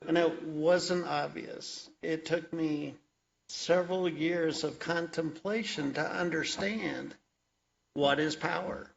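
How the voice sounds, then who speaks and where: Male storyteller, wry and reflective, unhurried delivery, dull lo-fi recording. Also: a little high, steady tone, creaky, a little hiss or hum. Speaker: author and energy worker sharing his story. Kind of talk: personal storytelling talk.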